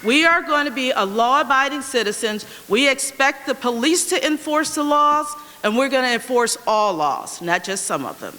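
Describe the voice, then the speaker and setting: A woman's voice: high voice, expressive, moderate pace, hardly any pauses, bright, forceful tone. A woman running for mayor, giving firm and emphatic answers at a candidates forum. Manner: firm, emphatic, repetitive slogans. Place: school auditorium. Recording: reverberant hall.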